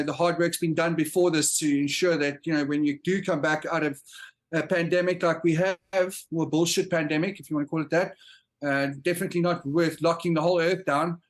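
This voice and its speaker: A man speaking as a guest in a casual chat, halting with many fillers and restarts. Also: fairly high pitch. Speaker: guest, entrepreneur. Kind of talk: casual chat among friends.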